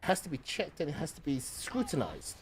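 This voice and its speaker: A man's voice: on the high side, wildly swooping pitch, fairly quick, a little hiss or hum. A man streaming a video game, chatting casually with teammates, rambling with many fillers and restarts. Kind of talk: casual chat while gaming.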